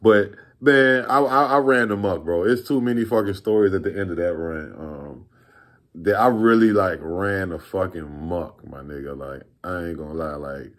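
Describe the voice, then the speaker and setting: A low-voiced Virginia man in his thirties, speaking at a normal speed, rambles through a story in a relaxed way, using heaps of profane slang in a casual storytime vlog.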